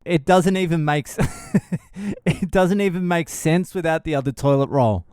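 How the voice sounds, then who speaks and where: A comedian and father of a young child hosts his own podcast, delivering a blunt, profane comic monologue and laughing at his own jokes. His voice is fairly high yet darkish, clear and resonant, at normal speed, recorded dry in a clean studio.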